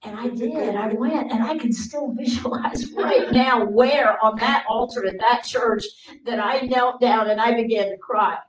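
A woman preacher giving a sermon full of personal stories, acting out her younger self in a raised, pleading voice and dropping to hushed tones for quiet moments. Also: fairly high pitch, measured pace. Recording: roomy sound from a distant mic.

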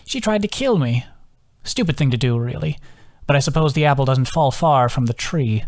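A man's voice: medium pitch, expressive, moderate pace, a little mellow, close to an everyday voice. A man voicing a cruel, sarcastic old hag witch in an audiobook, mocking and sneering. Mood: cold.

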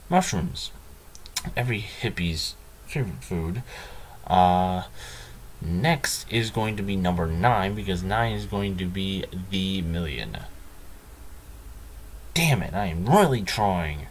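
Slow, low-voiced sarcastic man. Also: expressive. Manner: dry, sarcastic, self-mocking. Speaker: gaming channel host. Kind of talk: let's play commentary.

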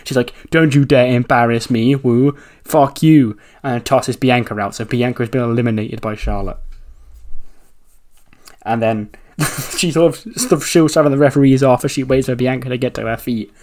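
A man's voice: medium pitch, fairly even intonation, normal speed, a little mellow. A man casually narrating a wrestling simulation playthrough, chatty and loose, laughing and swearing as he goes.

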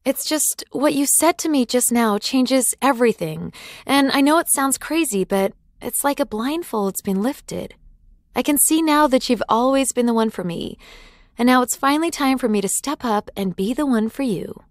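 A woman's voice: high-pitched, lively intonation, normal speed, no room sound, clean studio sound. A woman voicing a grown man who speaks in a choked, tearful way in a scripted ad story, without changing her own voice much. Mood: earnest. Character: emotional grown man, boyfriend, overwhelmed.

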